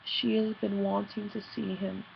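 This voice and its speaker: A woman leading a paranormal team, talking through her recent investigation in a halting, earnest video diary full of fillers and restarts. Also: mid-range voice, flat delivery, gravelly, lo-fi sound, slight background noise.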